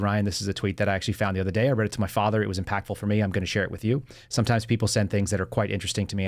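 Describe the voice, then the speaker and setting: A man hosting a live podcast, speaking in an emphatic, fast-paced monologue and reading a post aloud. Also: fairly low pitch, no room sound, studio quality. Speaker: podcast host.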